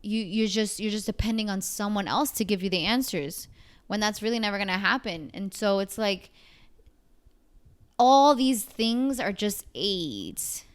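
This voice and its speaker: A woman's voice: mid-range voice, lively intonation, unhurried. A woman in her twenties co-hosting a casual podcast chat, thinking aloud with fillers and frequent laughs. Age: 20s. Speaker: podcast co-host.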